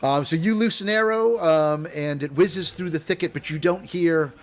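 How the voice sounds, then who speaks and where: A man with a fairly high-pitched voice serves as dungeon master for a tabletop game from his home streaming setup, speaking at normal speed. He rambles with lots of fillers and frequent laughter.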